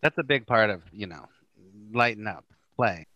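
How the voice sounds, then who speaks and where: A middle-aged man who teaches A Course in Miracles chats casually as a podcast guest, animatedly acting out the quoted lines in his stories. His voice sits on the low side at a moderate pace, and the audio is dull with no echo.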